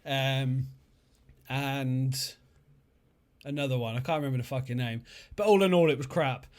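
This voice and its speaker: A man's voice: medium pitch, steady tone, normal speed, darkish tone. A man hosting a casual podcast over drinks, blunt, jokey and sweary. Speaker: podcast host.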